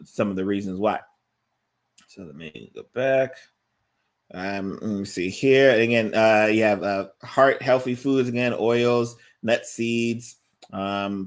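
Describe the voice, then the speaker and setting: Emphatic, chatty male doctor, fairly high voice. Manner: emphatic, conversational, repeats "right?" and "guess what?". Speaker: physician. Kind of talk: health education talk.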